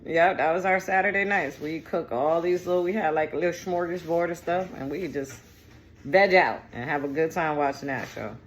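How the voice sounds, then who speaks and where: A woman's voice: low-pitched, moderate pace. Woman w/ doing a tarot reading, chatty, swears a lot, goes off on tangents, bit of noise behind. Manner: chatty, digressive and profane, with slang. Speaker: tarot reader.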